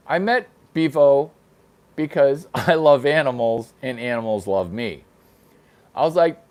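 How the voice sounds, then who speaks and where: Slow-talking playful joking vlogger man. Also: fairly high pitch, animated, darkish tone. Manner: playful, crude jokes, exaggerated baby talk. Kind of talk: casual vlog chatter.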